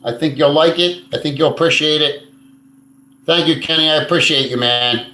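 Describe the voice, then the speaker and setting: A man's voice: fairly high pitch, fairly even intonation, moderate pace, bright, forceful tone. A man hosting a casual live stream, answering viewer comments in a blunt, crude and rambling way, swearing freely. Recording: echoey room.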